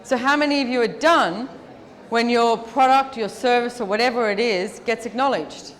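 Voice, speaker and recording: A woman speaking as the featured speaker at a live seminar, answering audience questions in a chatty, lively way full of "like"s. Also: a little high, normal speed. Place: large event hall with an audience. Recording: long reverb of a large hall.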